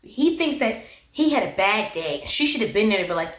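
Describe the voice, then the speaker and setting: A woman's voice: medium pitch, big pitch swings, a little fast. A woman giving a casual, sassy recap of a reality show, laughing often. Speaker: recap vlogger. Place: her room. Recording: echoey room.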